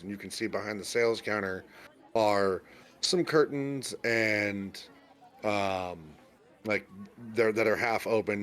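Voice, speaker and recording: A man acting as game master narrates a tabletop role-playing game loosely and ramblingly, full of fillers and restarts. His voice is on the low side and a bit bright.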